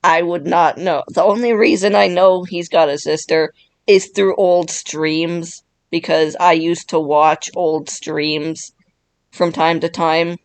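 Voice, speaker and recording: A woman's voice: lowish voice, fairly even intonation, slow, no room sound. A woman YouTuber who is sick, casually commenting and reacting with disbelief. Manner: reactive, incredulous. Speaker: YouTuber playing with chatbots. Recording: dry.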